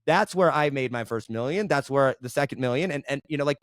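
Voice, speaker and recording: Fast-talking animated man, guest storyteller. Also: medium pitch, no echo. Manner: animated, keeps asking "right?". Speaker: podcast guest, entrepreneur. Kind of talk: casual interview storytelling.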